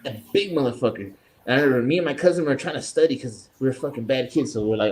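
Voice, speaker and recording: A man co-hosting a podcast, telling profane, animated party stories in casual chat. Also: mid-range voice, fast. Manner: profane, animated anecdotes with acted-out quotes. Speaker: podcast co-host.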